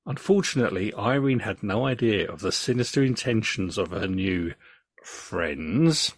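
An English man hosting a podcast, reading case notes in a true crime story with relaxed asides. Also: on the low side, measured pace, husky, no room sound.

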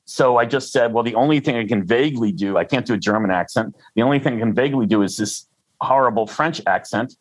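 An older freelancer as an interview guest, rambling and self-deprecating with frequent restarts. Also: male voice, mid-range voice, fast talker, no room sound, rough recording. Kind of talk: conversational interview.

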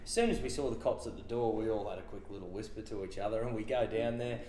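A man's voice: on the low side, quick pace, dark tone, a little hiss or hum. A man with an Australian accent, a podcast guest telling a rowdy workplace story in casual, swearing, laughing style. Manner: swearing, laughing anecdote teller. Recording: roomy echo.

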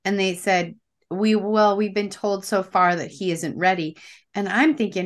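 A woman's voice: mid-range voice, fairly even intonation, a little slow. A woman evaluator talking in a podcast conversation, emphatic and full of rhetorical questions. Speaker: evaluator of children with disabilities.

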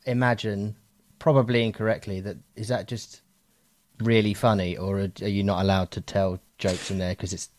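A man hosting a casual chat, halting and self-deprecating, swearing casually. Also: fairly low pitch, little pitch movement, a little mellow, dry recording.

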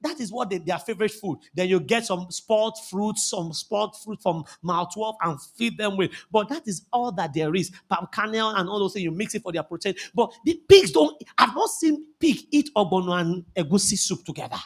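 A Nigerian-accented male pastor with a strikingly high voice delivers a fervent sermon. He shouts his key lines and repeats phrases for emphasis. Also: animated, a little fast, hardly any pauses.

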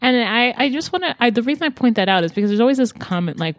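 A woman's voice: on the high side, fast talker, hardly any pauses, no room sound. A woman co-hosting a casual discussion podcast, talking in an earnest, reflective way with casual slang. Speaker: podcast co-host discussing a TV show.

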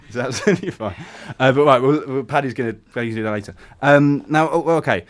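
A man's voice: medium pitch, quick pace. A young English man hosting a radio show, chatting casually with many ums and laughs. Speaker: radio host.

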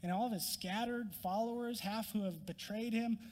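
A man preaching a sermon as a pastor, earnest, rising to emphatic peaks and dropping to quiet. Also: sits high, normal speed, big-room sound. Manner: earnest, rises in emphasis then drops quiet.

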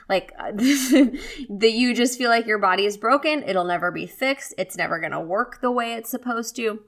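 A woman's voice: mid-range voice, measured pace. Woman, 30s, solo podcast host and wellness coach. Candid, chatty delivery with frequent laughs. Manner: chatty and candid, laughs often, acts out inner voices.

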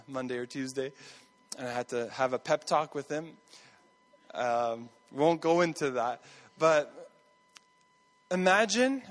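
Storytelling pastor in a reverberant hall. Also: male voice, a little high, fairly bright tone. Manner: conversational storytelling with repeated phrases. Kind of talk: sermon.

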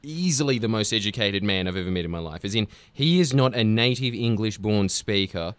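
A man hosting a podcast, joking loudly and laughing as he chats with guests. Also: fairly low pitch, expressive, smooth, no echo. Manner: rowdy, quick to laugh and joke. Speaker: podcast host. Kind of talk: casual banter.

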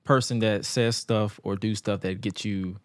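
A man's voice: lowish voice, steady tone, unhurried, no echo. A man hosting a podcast in casual chat, laid-back and rambling, laughing often. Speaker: podcast host.

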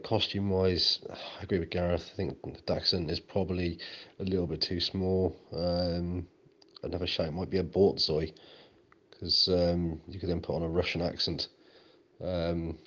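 Very deep, deadpan co-host with a slightly muffled sound. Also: male voice. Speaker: podcast co-host. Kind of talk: comedic banter.

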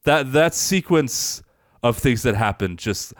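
A man co-hosting a podcast, casually recapping a movie scene and acting out the characters' lines in a higher voice. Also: animated, slow pace, dry recording, clean studio sound. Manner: rambling storyteller, acts out lines in a higher voice. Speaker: podcast co-host.

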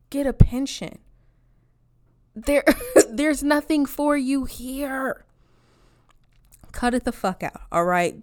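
A woman's voice: medium pitch, clear, resonant tone. A woman in a blunt, profane rant to her viewers, driving each point home with a repeated "all right?". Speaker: online commentator. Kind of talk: ranting monologue to camera.

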